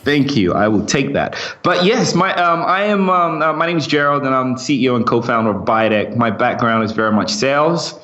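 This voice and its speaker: A man's voice: medium pitch, expressive, a little fast, hardly any pauses, fairly bright tone. A man with a British accent and a slight American twang, an upbeat podcast guest who laughs easily. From England. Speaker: guest, company CEO. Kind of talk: casual interview chat.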